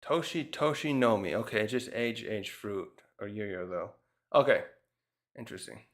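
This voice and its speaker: A man's voice: lowish voice, expressive, normal speed. A man casually reviewing a manga chapter, thinking aloud with frequent restarts and fillers. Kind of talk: casual rambling commentary.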